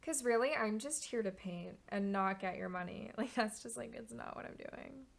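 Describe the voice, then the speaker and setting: A woman's voice: on the high side, normal speed, vocal fry. A young woman streamer chatting casually while she paints, rambling and candid, swearing now and then.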